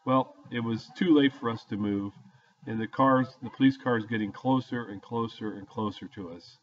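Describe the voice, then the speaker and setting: A man's voice: medium pitch, moderate pace. An older man casually telling a story from his youth in a folksy, plain-spoken way. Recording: dull lo-fi audio.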